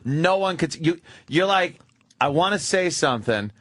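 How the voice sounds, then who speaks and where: A man's voice: fairly high pitch, expressive, normal speed, fairly bright tone, no room sound, studio quality. A man hosting a radio show, chatting with his guests and prodding them in a wry way. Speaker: radio host. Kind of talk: casual radio chat.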